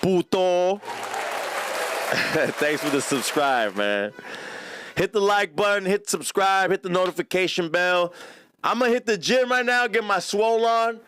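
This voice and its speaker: A man's voice: high-pitched, lively intonation, unhurried, a bit bright, smooth, some chatter behind. A man hosting a live podcast, reading chat comments in a casual, profane, slang-heavy way. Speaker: podcast host.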